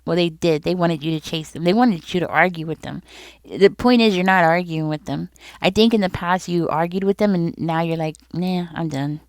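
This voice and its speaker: A woman's voice: lowish voice, brisk, no echo. A woman giving a casual tarot reading straight to her viewers, talking in a loose, repetitive way and often checking in with them. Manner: conversational, repeats herself, speaks directly to viewers. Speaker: tarot reader.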